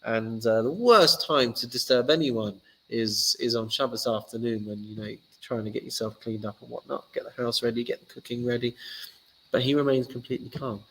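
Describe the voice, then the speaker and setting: Male rabbi, relaxed joking class teacher, gravelly voice, average pitch. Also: brisk, a little hiss or hum, poor audio. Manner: chatty, joking, loose storytelling. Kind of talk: casual Torah lesson.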